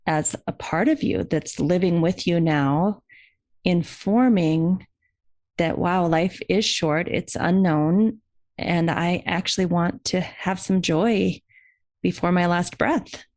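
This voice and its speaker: A woman's voice: fairly low pitch, darkish tone, dry recording. A woman hosting a podcast interview, reflecting on her guest's words and building on them. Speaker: podcast host.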